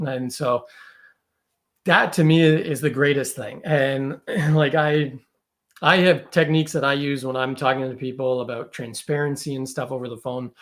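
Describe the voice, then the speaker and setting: A man talking as a podcast guest in a loose, chatty way, often tagging his points with "right?". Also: medium pitch. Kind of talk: casual conversational interview.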